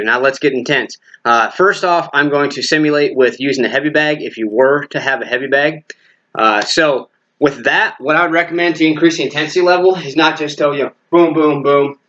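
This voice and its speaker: A martial arts fitness instructor talks his class through a workout while doing every move himself. He counts reps out loud and calls out his strikes as he punches. He sounds out of breath as the session goes on. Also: a little high, lo-fi sound.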